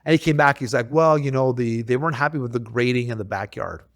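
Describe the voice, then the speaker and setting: A man's voice: medium pitch, fast talker, no echo, clean studio sound. A man working as a realtor, chatting casually on a podcast and telling a story in which he acts out what the other people said. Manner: animated storytelling, acts out quoted exchanges.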